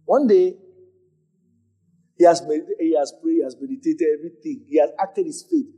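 A man pastor teaching a congregation, animated, repeating phrases and acting out moments as he preaches. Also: a little high, normal speed, slightly rough, soft background music. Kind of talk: church teaching with questions.

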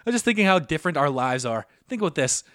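Young guy podcast co-host, high animated voice, dry close mic, crude stories. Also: racing, no room sound. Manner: rowdy, profane storytelling with mocking impressions. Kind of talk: casual podcast banter.

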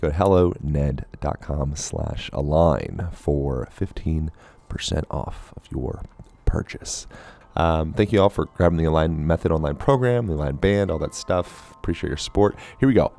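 A man's voice: very deep voice, measured pace, vocal fry, mellow, soft background music. A man hosting a podcast, chatting casually and joking, laughing easily and doing his own ad reads. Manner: playful, jokey, laughs easily. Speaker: podcast host.

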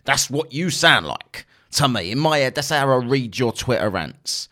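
A man's voice: medium pitch, sing-song, moderate pace, sharp tone. A man hosting a podcast, talking in a blunt, sarcastic rant with plenty of swearing. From England. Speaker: podcast host. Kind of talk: casual podcast monologue.

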